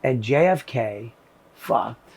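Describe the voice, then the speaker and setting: A man's voice: medium pitch, expressive, takes it slowly, darkish tone, slightly rough. A male comedian in casual chat, talking emphatically and swearing freely. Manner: emphatic, profane. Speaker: comedian co-host. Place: small shed.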